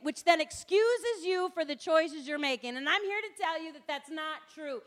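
A woman's voice: extremely high pitch, a little fast, hardly any pauses. A middle-aged woman giving a passionate public lecture, punchy and direct, acting out the people she quotes. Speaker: public speaker. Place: lecture hall.

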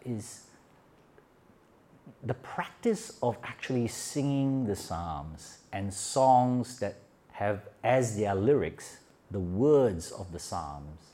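Low-voiced Australian man preaching. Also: darkish tone. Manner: conversational storytelling with frequent "uh" fillers. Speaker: pastor. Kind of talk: sermon. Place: church retreat session hall.

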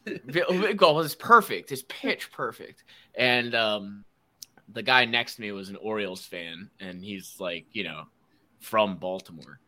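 Man, podcast host, bright voice, animated storyteller, casual chat. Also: fairly low pitch, a little slow. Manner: animated storyteller, mimics people and accents.

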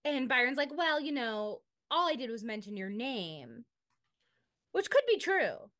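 A woman's voice: sits high, a little slow. A woman with a Southern US accent co-hosting a podcast, chatting casually and reading texts aloud with animation. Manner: animated, reads texts aloud in mock voices. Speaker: podcast co-host. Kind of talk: casual recap chat.

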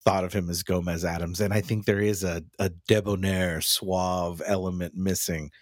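Low-voiced man in candid casual chat. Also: little pitch movement, moderate pace, dry recording, clean studio sound. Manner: candid, profane, mimics lines while he talks.

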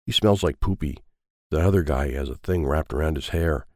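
A man's voice: rumbling low, fairly quick, darkish tone, no room sound, clean studio sound, pitched below the performer's own voice. A man reading a storybook in the first person as a small, timid seven-year-old boy who speaks in short, plain sentences. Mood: matter-of-fact. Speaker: audiobook reader.

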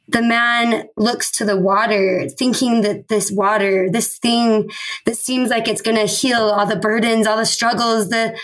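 Thirties woman guest, heartfelt testimony, somewhat high voice, halting and earnest. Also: a bit bright, poor audio. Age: 30s. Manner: earnest, emotional, halting with restarts and laughs. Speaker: podcast guest. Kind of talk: personal faith testimony.

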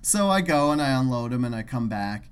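A man's voice: mid-range voice, a little fast, clear, resonant tone. A young man co-hosting a podcast, telling stories in casual, profane banter. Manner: animated, profane storyteller. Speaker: podcast co-host.

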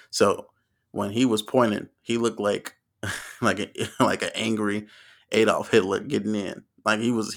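A man's voice: on the low side, creaky, fairly bright tone. A man around thirty from the American South, telling funny stories in a rambling, profane, casual way. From Southern United States. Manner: rambling and profane, laughs often. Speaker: storyteller. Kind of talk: casual comedic storytelling.

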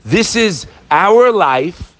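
A middle-aged man teaches Torah with real animation. His voice sits slightly high and swings widely as he poses question after question. He keeps weaving Hebrew verses into his talk. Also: lively intonation, very slow, fairly bright tone. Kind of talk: Torah lecture.

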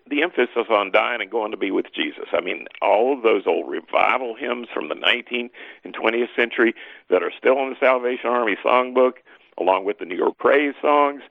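Gravelly animated man on a thin line. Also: no echo, narrow, tinny audio. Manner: animated, emphatic, jumps up in pitch for emphasis. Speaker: guest scholar. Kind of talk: lively teaching talk.

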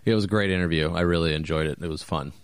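A man's voice: low-pitched, steady tone, racing, clear, resonant tone, dry recording. A man co-hosting a podcast, who talks in an easygoing, teasing way. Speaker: podcast co-host. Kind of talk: casual podcast chat. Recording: dry close recording.

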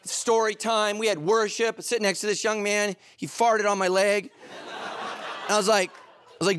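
Animated storytelling preacher, a man. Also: high voice, moderate pace, clear, resonant tone. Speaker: pastor. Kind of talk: sermon.

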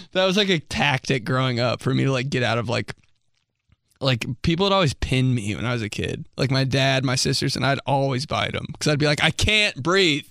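A man's voice: medium pitch, normal speed, vocal fry, a bit bright, no echo, clean studio sound. A young man hosting a podcast, telling a rambling story in casual chat, full of "like"s, swearing and laughing as he talks. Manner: rambling, many "like"s, laughs often, swears freely. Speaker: podcast host.

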